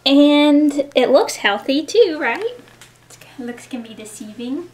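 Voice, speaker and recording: A woman's voice: sits high, animated, slow pace, darkish tone. A young woman hosting a home cooking video in her kitchen, chatting casually and giggling as she talks viewers through a recipe. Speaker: cooking show host.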